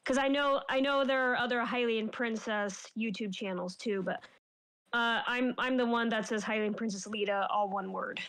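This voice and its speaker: A woman's voice: fairly high pitch, normal speed, fairly bright tone, low-quality recording. A woman voice actor chatting casually on stream, friendly and giggly. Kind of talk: casual chat.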